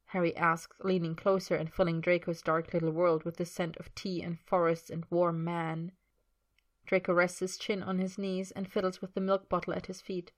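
A woman narrates a story aloud in a low, even voice. Her reading is measured and expressive, carrying scene and dialogue alike.

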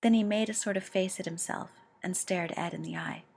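A woman reading a story aloud, slowly and with feeling. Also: mid-range voice, gravelly, slight background noise. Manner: slow and expressive. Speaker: reader.

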